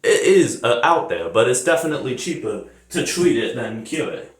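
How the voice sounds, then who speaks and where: A man's voice: mid-range voice, very animated, moderate pace, roomy sound. A young American man rambling casually in a vlog, swearing freely and laughing at his own jokes. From United States. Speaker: vlogger. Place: bathroom shower, then indoors.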